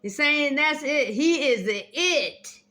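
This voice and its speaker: A woman's voice: high voice, lively intonation, slow pace, sharp tone. A woman reading Bible verses aloud, repeating them and adding earnest, encouraging personal remarks in a casual video. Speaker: Bible study video host.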